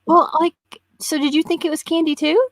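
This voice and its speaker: A woman in her fifties, a podcast guest in casual chat, telling stories in an animated way and laughing often. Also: high voice, brisk, no echo. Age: 50s.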